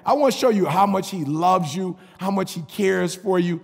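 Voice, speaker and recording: A male pastor telling a story in an animated sermon, with repeated call-and-response phrases. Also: sits high, normal speed, vocal fry, few pauses, slightly rough. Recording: reverberant hall.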